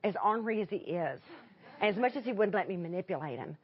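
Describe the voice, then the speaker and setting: A woman preaching a sermon through a personal story, animated and emotional in her delivery. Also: medium pitch, quick pace, husky, muffled recording. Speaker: speaker.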